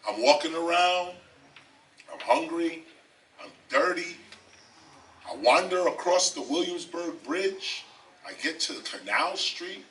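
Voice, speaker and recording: A man's voice: on the high side, expressive, takes it slowly, pauses often, a bit bright. An older man telling his life story in an interview, emphatic and repeating phrases, often asking "okay?". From South Bronx, New York. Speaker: interview guest, rapper and teacher. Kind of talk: animated storytelling. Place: library, indoors. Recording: distant mic, faint background noise.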